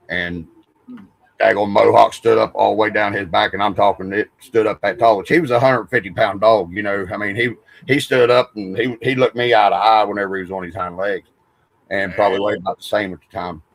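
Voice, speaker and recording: A man's voice: fairly low pitch, gravelly, no echo, rough recording. A man, rambling through stories in a casual podcast chat and swearing freely. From West Virginia. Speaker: podcast host.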